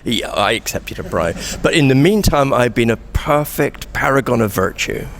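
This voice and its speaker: A man being interviewed about the role he played, wry and relaxed. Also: medium pitch, moderate pace, creaky, slight background noise. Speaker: interviewee, amateur actor. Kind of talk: casual chat.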